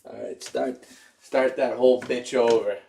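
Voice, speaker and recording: A man's voice: mid-range voice, steady tone, unhurried, vocal fry, dark tone, a little hiss or hum. A young man hosting a live stream, chatting casually, cheering and teasing his viewers. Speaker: livestream host.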